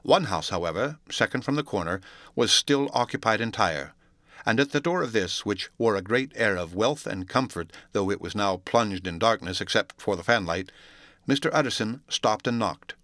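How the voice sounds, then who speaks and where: Crisp, low-voiced male story narrator. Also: expressive, moderate pace, fairly bright tone, no room sound, studio quality. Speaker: audiobook narrator. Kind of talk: classic novel read aloud.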